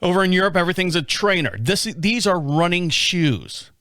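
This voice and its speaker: A man's voice: high voice, animated, normal speed, sharp tone, no echo, clean studio sound. A man in his fifties with an American accent, hosting a casual solo chat show, rambling with restarts and swearing. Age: 50s. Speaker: podcast host.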